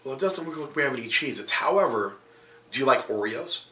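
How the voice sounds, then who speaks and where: A kind, helpful shop clerk, quoted softly and gently by a man telling the story. The voice stays bright and forceful even at low volume. A roomy echo hangs around it. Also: a little fast. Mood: gentle.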